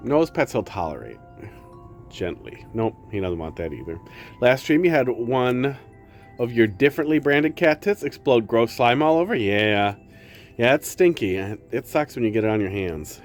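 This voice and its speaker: A man's voice: medium pitch, sing-song, normal speed, faint music behind. A man streaming live, chatting casually with his viewers and cooing to his pets.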